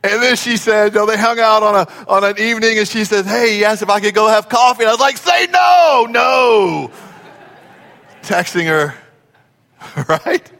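A middle-aged man preaching a sermon as pastor, emphatic and animated, acting out quotes and rising to shouts. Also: high voice, brisk. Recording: long hall reverb.

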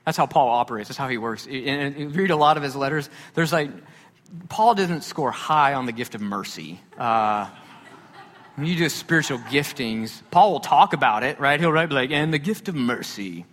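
A man preaching a sermon as pastor, talking in a conversational, animated way with joking asides. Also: medium pitch, normal speed. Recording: reverberant hall.

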